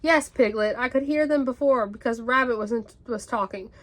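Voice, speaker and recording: A woman's voice: on the high side, moderate pace, natural voice. Pooh, a woman doing a mild, simple bear. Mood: gentle. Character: gentle, simple honey-loving male bear.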